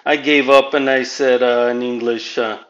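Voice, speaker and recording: A man's voice: mid-range voice, little pitch movement, normal speed, fairly bright tone, highs cut off, a little hiss or hum. A man from Southern California doing a profane, rambling stand-up monologue as a podcast host, dropping Spanish phrases into his English. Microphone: home podcast mic.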